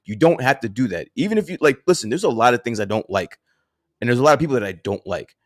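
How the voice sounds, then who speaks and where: A man's voice: mid-range voice, lively intonation, fast talker, no echo, studio quality. A man co-hosting a live stream chat, arguing bluntly and swearing often. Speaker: co-host. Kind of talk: casual chat.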